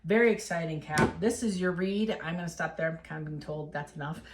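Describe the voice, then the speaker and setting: A woman's voice: deep voice, steady tone, a little fast, background noise. A woman giving a casual tarot reading, talking straight to the viewer in an encouraging, emotional way. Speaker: tarot reader.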